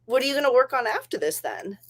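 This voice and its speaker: A chatty woman hosts a casual writing livestream. Her voice sits a touch high, and she rambles and laughs easily as she talks. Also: very animated, quick pace. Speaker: livestream host.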